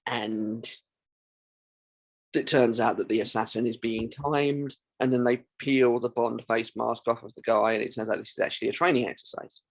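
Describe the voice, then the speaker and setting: Man, podcast co-host, gravelly voice, long explanations. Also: medium pitch, fairly even intonation, normal speed. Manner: chatty, explains at length. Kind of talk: casual film podcast chat.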